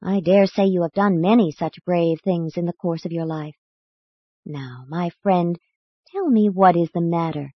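A woman voicing a gentle, patient male teacher who speaks in a measured, earnest way. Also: lowish voice, no echo, highs cut off, voice pushed down.

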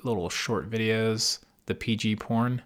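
A man's voice: on the low side, steady tone, a little slow. Laid-back swearing podcast guy. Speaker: podcast co-host. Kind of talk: casual podcast chat.

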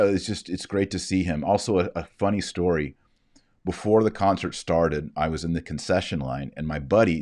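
A man hosting a casual monologue, telling rambling, animated stories. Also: rumbling low, no echo, clean studio sound. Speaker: host.

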